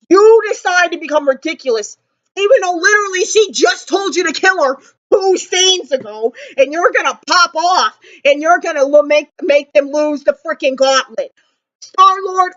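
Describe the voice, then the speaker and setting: A high-voiced young woman rants through a casual movie reaction, animated and exasperated. She leans on dramatic pauses. The sound is a little dull and lo-fi. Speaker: vlogger.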